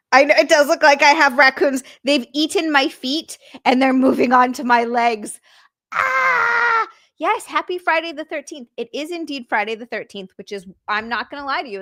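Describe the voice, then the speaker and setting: A young adult woman hosting a live stream, chatting casually and bubbly, greeting viewers and squealing with excitement. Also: high-pitched, a little fast. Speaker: streamer and podcast host.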